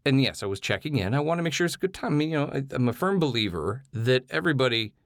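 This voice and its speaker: A man's voice: medium pitch, big pitch swings, rapid-fire, slight background noise. A man telling a candid personal story in a rambling way, full of fillers.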